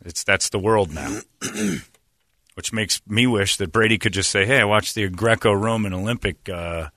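A man's voice: lowish voice, bright, forceful tone, no room sound, studio quality. A man in casual sports talk, ranting bluntly and acting out what others said. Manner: blunt, ranting, acts out quotes in put-on voices.

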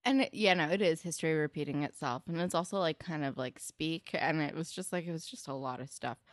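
Woman, lowish voice, excited and sweary, dry close mic, casual podcast chat. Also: brisk, dry recording. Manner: enthusiastic, swears freely, many fillers.

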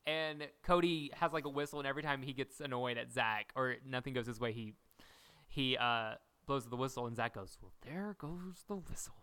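A young podcast co-host casually recaps a TV episode, telling it like an animated storyteller and acting out the characters' lines. His mid-range voice moves a little fast, with a clean tone and no echo.

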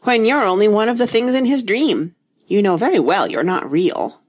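A woman's voice: medium pitch, animated, moderate pace, voice pushed up, lightly acted. A woman reading an audiobook, voicing a quarrelsome, boyish twin brother who flies into fits of temper. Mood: contemptuous. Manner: fussy and easily enraged. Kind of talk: audiobook character voice.

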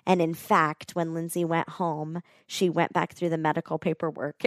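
Low, gravelly-voiced woman telling a story. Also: dry recording, clean studio sound. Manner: earnest, animated, often says "like". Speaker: guest telling a personal story. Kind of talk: conversational storytelling.

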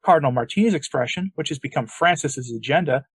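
A man hosts an opinion podcast in a somewhat high, husky voice. He argues his points emphatically, with a sarcastic edge. The sound is dry, with little room echo. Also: animated, fast talker. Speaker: podcast host.

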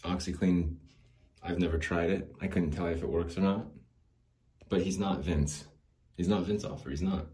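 A man's voice: sits low, fairly even intonation, moderate pace, pauses often, darkish tone. A man in his forties hosting a podcast, talking in a rambling, jokey monologue and laughing often. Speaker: podcast host.

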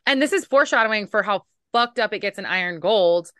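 A woman's voice: mid-range voice, expressive, quick pace, pushed and bright, clear, resonant tone, no room sound, studio quality. A woman co-hosting a book podcast, chatting casually and animatedly, swearing and laughing now and then. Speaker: podcast co-host.

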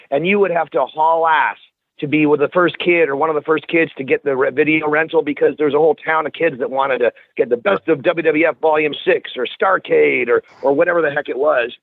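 Guy in his 40s, swears a lot, animated storyteller, tinny phone sound. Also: a little high, no echo. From Canada. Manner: profane, animated, restarts words. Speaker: podcast guest, wrestler. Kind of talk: casual storytelling chat.

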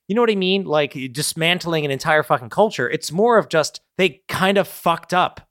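A man in casual chat, animated and profane, acting out characters' lines as he brainstorms a story. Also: on the high side, normal speed, hardly any pauses, dry recording, studio quality.

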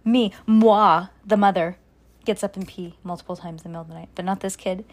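A mother reading a children's book aloud to her daughter, animated and affectionate, breaking off for chatty asides. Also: medium pitch, brisk.

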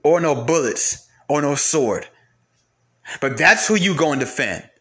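A man with a high voice rants straight to camera, piling up profanity and rhetorical questions. His tone is sharp and forceful, and he keeps hammering the same points. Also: animated, measured pace. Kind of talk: heated profane rant to camera.

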